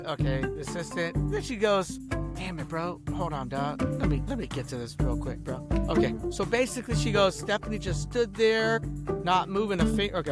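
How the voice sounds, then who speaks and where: A man vlogging in a rambling, casual rant, swearing freely and saying "bro" constantly while reading messages aloud. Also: high-pitched. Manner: eats and drinks wine while talking. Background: faint music.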